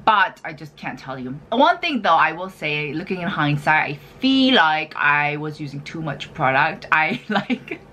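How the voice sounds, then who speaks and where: Chatty female beauty vlogger, lower register, lively filler-heavy delivery. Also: unhurried, few pauses, slight background noise. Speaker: skincare vlogger. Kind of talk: casual product review chat.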